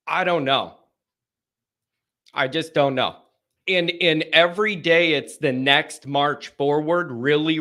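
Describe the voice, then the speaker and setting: Stuffed-up man, hesitant, bright voice. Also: on the high side. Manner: hesitant and searching, trailing off and restarting. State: stuffed up, congested. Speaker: sports show host. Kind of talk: live call-in show talk.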